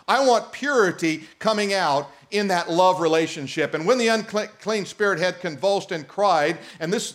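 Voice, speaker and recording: A pastor with a voice that sits high preaches a sermon, reading scripture aloud and joking animatedly with his congregation.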